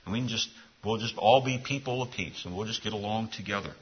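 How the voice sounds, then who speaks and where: Husky-voiced man preaching a sermon. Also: fairly low pitch, fast talker, dull audio. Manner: earnest, conversational preaching with repeated restarts. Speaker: pastor.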